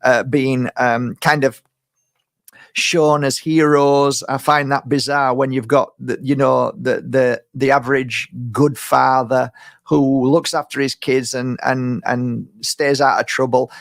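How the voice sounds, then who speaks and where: A man's voice: medium pitch, steady tone, slow pace, vocal fry, no echo, studio quality. A man hosting a podcast who muses reflectively and rambles through his points with many restarts. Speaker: podcast host. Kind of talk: casual podcast chat.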